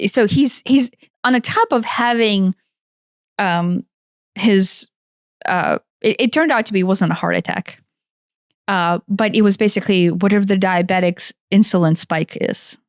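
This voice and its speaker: A woman's voice: medium pitch, a little slow, no room sound. A woman from Ukraine narrates a personal story for a podcast, chatty and winding, with frequent restarts. Her voice sits in a middle register and is recorded close and dry, with no room sound. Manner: animated, rambling, restarts often. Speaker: podcast co-host, energy healer. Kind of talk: casual storytelling chat.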